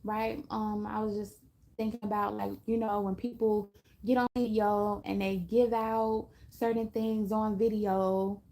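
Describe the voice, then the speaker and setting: A woman's voice: medium pitch, little pitch movement, a little slow, warm tone. A woman giving a casual spiritual talk to her viewers, chatty, often laughing and acting out little voices. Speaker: astrology reader.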